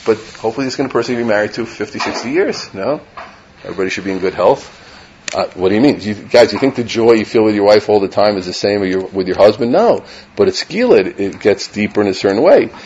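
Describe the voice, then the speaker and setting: A man's voice: lowish voice, animated, fast, a little mellow, muffled recording, a little hiss or hum. A middle-aged man, a rabbi, gives an informal Torah lecture to a live audience. He talks conversationally, keeps asking "right?", and mixes Hebrew and Yiddish terms into his English. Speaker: rabbi teaching a class.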